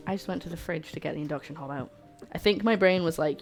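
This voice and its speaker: A woman's voice: low voice, quick pace, soft background music. A woman with a British accent hosting a live cooking stream, chatting casually and poking fun at herself while she cooks. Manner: chatty, self-mocking, talks to chat while cooking. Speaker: cooking livestream host.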